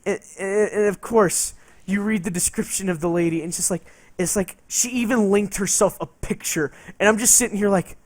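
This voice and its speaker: A man's voice: high-pitched, moderate pace, dry recording. A man streaming a game and telling a rambling story, swearing and laughing as he goes. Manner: rambling, profane, laughing between lines.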